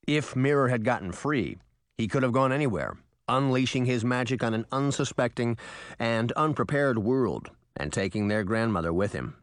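Male audiobook narrator, lively storytelling, dead dry booth. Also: medium pitch, normal speed, no echo. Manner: expressive storytelling. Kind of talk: scripted narration.

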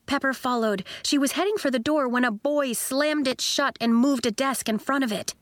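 A woman with a high-pitched voice reads a children's story at a normal speed, performing it expressively and voicing all the characters separately. The recording is dry and of studio quality.

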